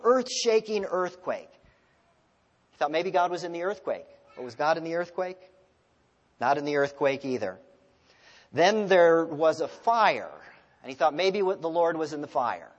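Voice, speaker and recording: A male pastor preaching a sermon. He tells stories and asks the congregation rhetorical questions, moving between loud emphasis and hushed, quiet phrases. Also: on the high side, long reverb tail.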